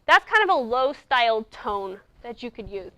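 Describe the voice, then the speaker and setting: A woman giving a lively speech-coaching talk to debate students at a conference, acting out her examples as she goes. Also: fairly high pitch, moderate pace, no room sound. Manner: animated, acts out examples. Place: conference presentation.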